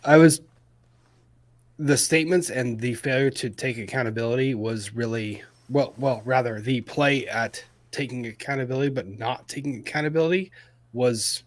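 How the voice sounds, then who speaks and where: A man with a mid-pitched voice, hosting a casual live-stream chat. He talks bluntly and with emphasis. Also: normal speed. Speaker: host.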